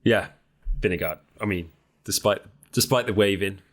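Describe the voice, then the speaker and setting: A man co-hosting a podcast, chatting casually with animated, teasing banter. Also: fairly low pitch, moderate pace. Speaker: podcast co-host. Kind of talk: casual chat.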